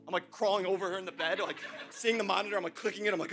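A young adult man preaching a sermon as pastor, swinging between shouted emphasis and joking asides. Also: sits high, fast, soft background music.

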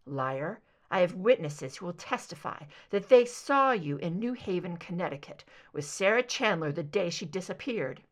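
A woman's voice: fairly low pitch, animated, moderate pace, hardly any pauses. A woman reading fan fiction aloud, voicing a defiant male FBI agent in a clipped, confrontational way.

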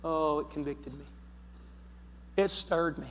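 A male pastor with an Ohio accent, preaching a fervent storytelling sermon that builds toward shouting. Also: fairly high pitch, fairly even intonation, slow, slight background noise. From United States. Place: church sanctuary. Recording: long church hall reverb.

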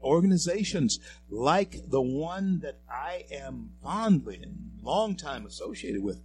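A man's voice: a little high, very animated, slow, darkish tone, faint music behind. A male radio talk show host giving emphatic, preachy political commentary and speaking straight to his listeners. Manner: emphatic, preachy, addresses listeners as folks and friends.

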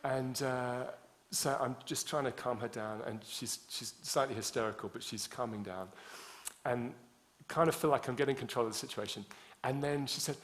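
A man's voice: mid-range voice, moderate pace. Guy preaching, loose chatty storytelling, lots of restarts. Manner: conversational storytelling with many restarts and fillers. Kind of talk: sermon with personal story.

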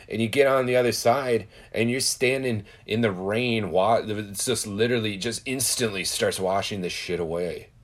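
A man talking in a casual, profane, rambling monologue, telling stories and musing loosely. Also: medium pitch. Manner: profane, storytelling, loose and conversational.

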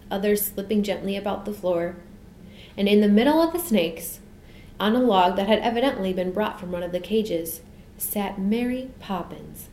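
A woman narrating a children's storybook audiobook in a calm, measured way. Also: mid-range voice. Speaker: audiobook reader. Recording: roomy echo, faint background noise.

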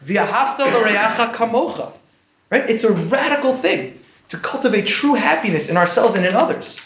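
A Jewish teacher with a high-pitched voice gives a casual Torah lesson at a normal speed in an echoey room. He talks conversationally, keeps asking "right?", and has animated bursts.

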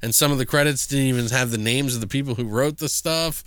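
A man's voice: mid-range voice, fast talker, a bit bright, clean tone. A man co-hosting a film review podcast, recapping plots in a rambling, profane, casual way. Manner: rambling, profane, acts out quotes in voices. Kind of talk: casual chat.

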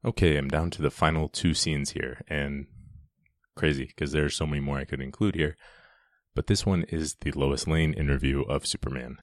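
A man's voice: a bass voice, steady tone, normal speed, no echo, clean studio sound. A man giving a casual, enthusiastic commentary on a film scene, chatty and often restarting his sentences.

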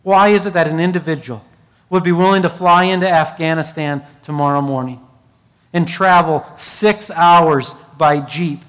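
High-voiced preaching man in a reverberant hall. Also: a bit bright. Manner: preaching with rising emphasis and storytelling asides. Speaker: pastor. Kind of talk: sermon.

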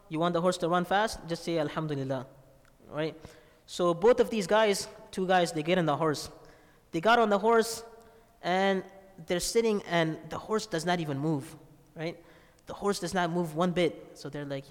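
A man's voice: fairly high pitch, big-room sound. A man preaching a sermon, telling a story and asking rhetorical questions with a frequent "right?". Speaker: Islamic preacher.

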